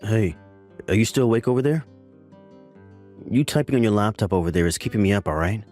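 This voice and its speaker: A man's voice: lowish voice, animated, fairly quick, over music, natural voice. A man voicing a defensive, pleading husband. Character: defensive husband pretending success. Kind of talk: text-story dramatization.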